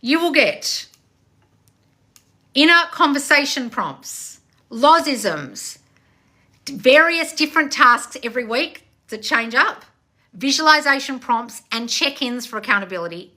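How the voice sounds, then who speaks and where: A woman manifestation coach on a live stream, loud and passionate, blunt and confrontational, swearing freely and calling listeners darling. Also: high-pitched. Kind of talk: live-streamed coaching with read-out viewer questions.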